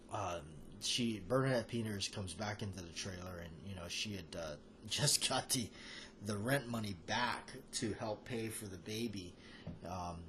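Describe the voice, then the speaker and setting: A man's voice: lowish voice, fairly bright tone, slight background noise. A man hosting a casual film chat, talking in a rambling, hesitant way full of fillers and restarts. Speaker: movie chat host.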